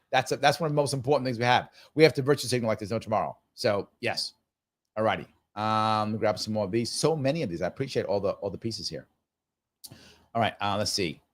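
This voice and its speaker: A man's voice: on the low side, expressive, fast talker. Casual man in his fifties reading comments. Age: 50s. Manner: casual, musing, repeats phrases. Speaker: show host. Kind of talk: live stream Q&A reading viewer comments.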